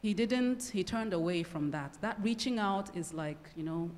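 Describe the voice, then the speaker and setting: A woman giving a public lecture, explaining and acting out short example conversations in a lively way. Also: lowish voice, normal speed. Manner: animated, acts out short example dialogues. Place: lecture hall. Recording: long reverb of a lecture hall.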